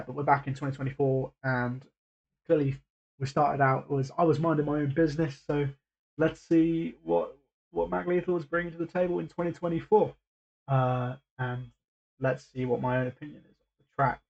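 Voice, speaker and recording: A man's voice: mid-range voice, vocal fry, muffled recording. A man hosting a reaction video, talking casually and hesitantly with lots of fillers and restarts.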